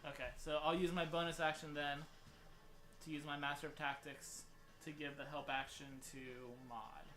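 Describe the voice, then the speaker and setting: A man playing a tabletop game, thinking aloud in a halting way. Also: a little high, level tone, a bit bright, reverberant, low-quality recording. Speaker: player. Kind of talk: casual tabletop play.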